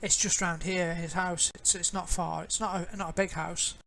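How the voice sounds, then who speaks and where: A woman's voice: fairly low pitch, creaky, a little hiss or hum, rough recording. Woman narrating as a game master. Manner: relaxed, halting with fillers and restarts.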